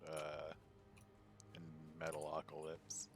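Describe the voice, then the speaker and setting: A man chats casually with friends during a game stream, rambling through stories while cursing and laughing. His voice is a rumbling low monotone, and he speaks slowly.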